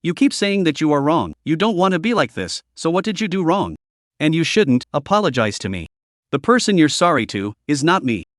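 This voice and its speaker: Man reading as a blunt cool-headed young woman, sharp questions, animated tone, dry sound. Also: a little high, fairly quick, no room sound. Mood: cold.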